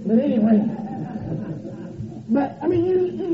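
Preacher guy, real high voice, folksy and jokey at a revival, echoey church, muffled old tape. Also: normal speed, over a noisy crowd. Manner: animated, folksy and joking, swings from loud to soft. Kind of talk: revival sermon. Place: church sanctuary.

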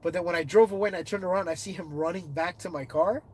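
A man's voice: fast, few pauses, slight background noise. Congested man chatting on a livestream. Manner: reads viewer comments aloud and answers them; animated storytelling, rising in pitch when excited. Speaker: livestreaming explorer. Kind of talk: casual livestream chat.

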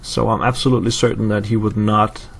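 A man's voice: fairly low pitch, level tone, a little fast, vocal fry, a little hiss or hum. A man from Europe casually commenting on his gameplay, thinking aloud with fillers and answering live chat. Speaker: let's play host.

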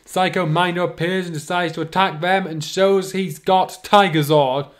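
A man's voice: sits high, fairly even intonation, moderate pace. A man reading a fan story aloud and breaking off for sarcastic comments on the writing. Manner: sarcastic, interrupts the reading with wry remarks. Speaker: reader and commentator. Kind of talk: reading fan fiction aloud with snarky asides.

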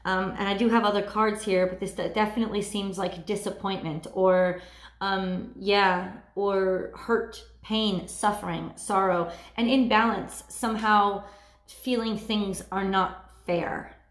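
A woman doing a weekly tarot card reading, talking in a halting way and searching for her words. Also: medium pitch, fairly even intonation, roomy sound. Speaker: tarot reader.

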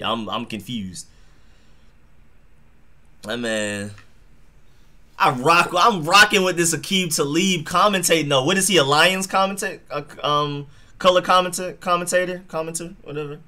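A man's voice: mid-range voice, moderate pace, sharp tone. A young man hosting a live football stream, chatting casually in slang and reacting to plays and chat messages. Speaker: sports live-stream host.

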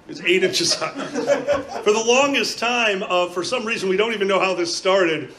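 A man on a live convention comedy panel, telling an animated story with bursts of shouting. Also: high-pitched, normal speed, low-quality recording. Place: convention panel room with audience. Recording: crowd noise from live audience.

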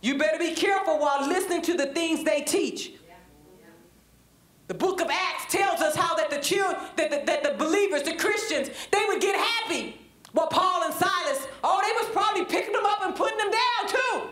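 A high-pitched, middle-aged woman preaching a Bible study with a Black lilt. She draws the congregation into call-and-response and climbs into fervent preaching. Her voice rings around a reverberant church room. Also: normal speed, fairly bright tone. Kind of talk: sermon-style Bible teaching.

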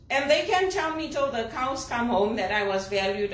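A woman's voice: a little high, expressive, moderate pace, fairly bright tone. A woman from Zimbabwe, an executive assistant, giving an indignant, emphatic vlog monologue. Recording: roomy, distant from the mic.

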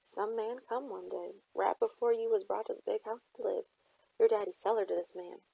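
A woman's voice: medium pitch, steady tone, normal speed, gravelly, mellow, breathy edge, low-quality recording. A woman voicing an elderly, grieving woman servant who speaks tersely in folksy, nonstandard grammar, read from a novel. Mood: guarded. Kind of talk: audiobook character reading.

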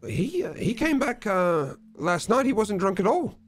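A man's voice: sits high, very animated, measured pace. A man playing his character in a tabletop game, hesitant, with many fillers. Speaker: player. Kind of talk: tabletop role-play in character.

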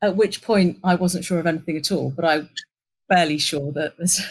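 Woman, middle-aged, fairly low pitch, animated storyteller, interview guest. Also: a little fast, slightly rough, low-quality recording. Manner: animated anecdote, acting out quoted lines. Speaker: interview guest, agency executive. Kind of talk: conversational storytelling.

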